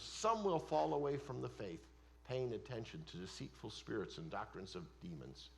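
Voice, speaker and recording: A man preaching a sermon as pastor of a church, emphatic, swinging between loud declarations and hushed asides. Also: mid-range voice, lively intonation, moderate pace, creaky. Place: church sanctuary.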